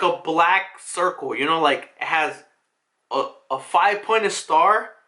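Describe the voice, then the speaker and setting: A man's voice: high-pitched, bright, forceful tone. A young man casually recapping a manga chapter, rambling with lots of filler words and swearing freely. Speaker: manga reviewer.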